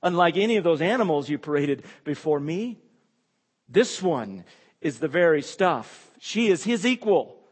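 A man's voice: a little high, big pitch swings, measured pace, breathy edge, long reverb tail. A man preaching an expository sermon, emphatic and repeating key phrases, his voice rising when he exclaims.

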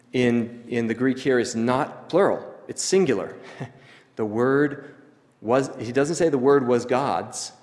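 A man preaching a sermon, teaching in a measured, explanatory way with emphatic pauses. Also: medium pitch, in a large hall.

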